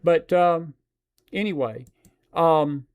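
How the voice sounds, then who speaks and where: Emphatic high-voiced male commentary host. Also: slow, darkish tone, clean tone. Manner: emphatic, preacher-like ranting with repeated phrases. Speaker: show host. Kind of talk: live-stream commentary talk.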